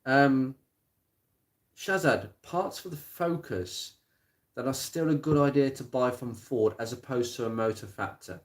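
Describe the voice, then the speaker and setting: A man chatting casually on a live stream about car parts, plain-spoken and rambling, with many pauses and restarts. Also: medium pitch. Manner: rattles off blunt practical advice. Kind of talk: casual live-stream chat answering viewer comments. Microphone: smartphone.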